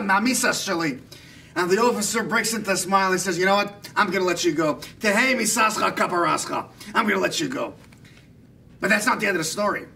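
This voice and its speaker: A man putting on a comic impression of an earnest older rabbi storyteller, preaching in a drawn-out, emphatic way at a live event. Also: high-pitched, bright, forceful tone, recorded from a distance. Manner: sermon-like, drawn-out emphatic delivery. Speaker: jester performing an impression.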